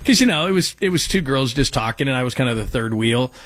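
A man's voice: mid-range voice, lively intonation, fast, fairly bright tone, faint music behind. A man hosting a sports talk radio show, talking casually and rambling through listener texts and stories. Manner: rambling, conversational, self-deprecating.

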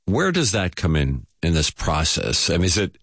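A man hosting an interview who asks thoughtful questions in a halting, searching way. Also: low voice, wildly swooping pitch, a bit bright, husky, no echo, clean studio sound. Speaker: interview host. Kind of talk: conversational interview.

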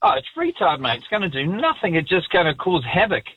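A New Zealand man calls in to a radio show, blunt and matey, with mate in every other line. His voice sits fairly high. The sound is dull and muffled, like a phone line into the studio. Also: huge pitch swings, brisk, husky, dry recording. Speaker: caller, chef. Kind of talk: talkback radio call.

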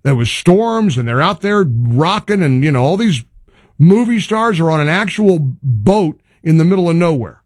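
A man's voice: fairly high pitch, lively intonation, moderate pace, husky, no echo, studio quality. A man hosting a talk radio show, delivering an exasperated, rambling monologue.

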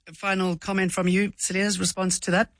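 Brisk woman, debate host. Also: mid-range voice, flat delivery, fairly bright tone, no echo. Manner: brisk, steering questions. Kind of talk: moderating a broadcast debate.

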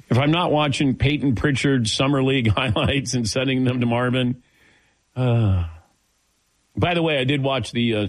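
On a sports talk radio show, a middle-aged man from the American Midwest chats and tells laid-back stories, chuckling along. His voice is mid-range, captured by a studio mic without echo.

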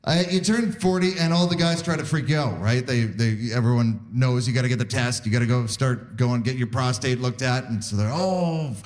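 A man's voice: mid-range voice, normal speed, hardly any pauses. A man in his forties doing a wry stand-up set on stage, acting out little voices. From Canada. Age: 40s. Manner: wry, animated, acts out voices. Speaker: stand-up comedian. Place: live comedy venue with audience.

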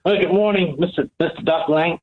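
A male caller to a radio show, talking haltingly and repeating his words. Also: fairly high pitch, fairly even intonation, breathy edge. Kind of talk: phone-in call. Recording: tinny phone line.

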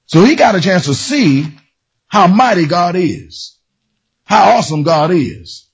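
A man preaching a sermon with a husky, rasping voice that sits high and leaps around in pitch. He often breaks into shouts and a singsong lilt. The recording sounds dull and muffled. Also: a little slow. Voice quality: raspy. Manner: animated, shouting, singsong emphasis.

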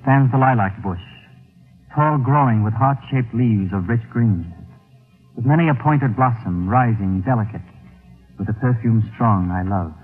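Brooding young man husky voice, bitter, tinny old radio. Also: mid-range voice, measured pace. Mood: tender. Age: young adult. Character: brooding young male graduate. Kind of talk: 1940s radio acting. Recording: tinny old radio broadcast, faint music.

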